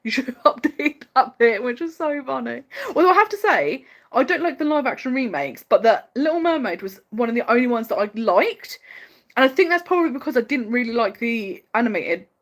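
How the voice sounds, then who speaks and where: A woman hosting a casual livestream chat, opinionated and quick to laugh, talking in a chatty, fast-flowing way full of "like" fillers. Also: a little high, lively intonation. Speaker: livestream host.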